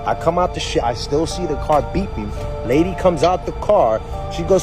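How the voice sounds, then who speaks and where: A man tells a story from his car in a heated, animated rant full of swearing. His voice sits a little high for a man. Music plays clearly in the background. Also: moderate pace, rough recording. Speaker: social media poster. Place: parked car.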